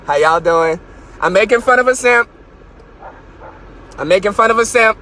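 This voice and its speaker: A man with a very high, bright, sharp voice rants loudly and mockingly as a podcast host. He talks from his car into a phone, boastful, his pitch shooting up when he gets worked up. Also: moderate pace, a little hiss or hum. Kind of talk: profane comedic rant.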